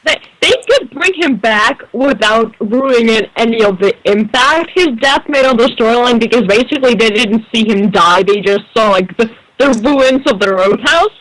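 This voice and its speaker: A woman co-hosting an online radio show, chatting casually and excitedly, often restarting her words. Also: on the high side, normal speed, hardly any pauses, no echo, rough recording. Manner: enthusiastic, stumbling restarts. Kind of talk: casual podcast chat.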